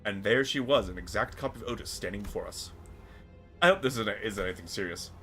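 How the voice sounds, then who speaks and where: A man's voice: on the low side, fast, sharp tone, faint music behind. A man streaming a story game, reading its text aloud and joking around with casual swearing.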